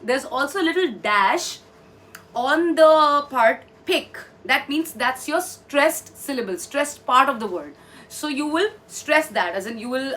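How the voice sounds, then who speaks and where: A woman's voice: sits high, fairly bright tone. A woman gives an online pronunciation lesson, explaining patiently step by step and repeating words for practice. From India. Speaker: English pronunciation trainer. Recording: slightly distant mic with faint background noise.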